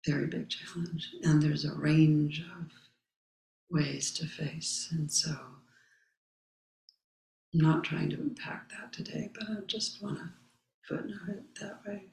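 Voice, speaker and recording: A woman Zen teacher giving a dharma talk, reading a meditation text aloud and commenting on it in a slow, contemplative way. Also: sits low, fairly even intonation, creaky, darkish tone, echoey room, low-quality recording. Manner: slow, contemplative, pausing often. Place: meditation hall.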